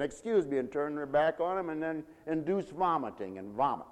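A man preaching a sermon with animated, folksy storytelling. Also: fairly high pitch, brisk, long reverb tail.

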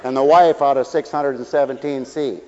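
A man preaching as a pastor, folksy and animated, acting out little voices as he talks. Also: mid-range voice, normal speed. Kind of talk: sermon. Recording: dull hall recording with long reverb.

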